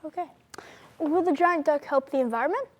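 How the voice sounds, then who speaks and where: A young man playing a flustered news anchor in a student comedy news skit, reading stiffly and trying to keep his guest calm. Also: very high-pitched, brisk. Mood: earnest. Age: young adult. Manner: reads stiffly, keeps telling the guest to calm down.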